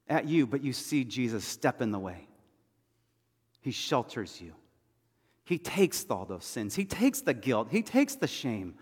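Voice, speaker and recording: A man preaching from the pulpit, his voice rising to urgent, loud appeals and then dropping to soft, hushed reassurance. His words ring out with a long hall reverb behind them. The pitch sits in an ordinary middle range. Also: very animated, a little slow. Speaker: pastor. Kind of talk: sermon.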